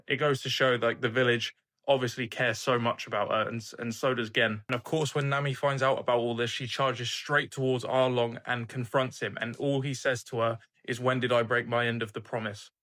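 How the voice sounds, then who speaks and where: A man's voice: medium pitch, little pitch movement, normal speed, bright, forceful tone. A young man hosting an anime reaction channel, recapping an episode in an earnest, emphatic casual way, swearing freely.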